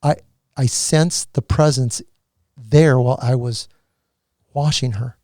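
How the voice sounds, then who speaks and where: A man giving an emotional personal testimony as a podcast guest, earnest and halting, with many restarts. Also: medium pitch, darkish tone, no echo, studio quality.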